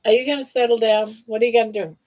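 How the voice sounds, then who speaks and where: A woman's voice: on the high side, fairly even intonation, very fast. An older woman hosting a live crochet stream, chatting fondly with her pet and greeting viewers. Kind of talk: casual live-stream chat. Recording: dull lo-fi live stream audio.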